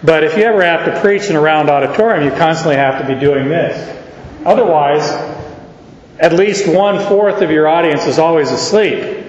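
A man preaching an expository sermon to a congregation, speaking slowly and deliberately and joking with his listeners. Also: on the high side, slight background noise. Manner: slow, deliberate, jokes with the audience. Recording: echoey hall, slightly dull.

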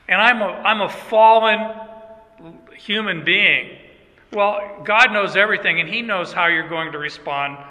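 A man's voice: sits high, bright, forceful tone. An older man preaching a sermon in a church, casual and joking, talking directly to his congregation. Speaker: pastor. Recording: long church reverb.

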